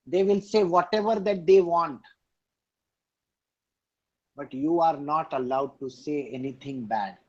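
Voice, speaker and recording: High-voiced man preaching. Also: muffled recording. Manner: emphatic, repeats key lines, asks the listeners questions. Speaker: spiritual teacher. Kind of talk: scripture discourse over a video call. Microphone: online video call.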